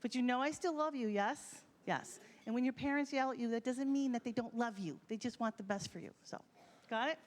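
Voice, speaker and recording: A woman's voice: fairly high pitch, a little fast. A woman music teacher speaking at a school concert, informal and heartfelt, talking directly to her students. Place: school concert hall with an audience.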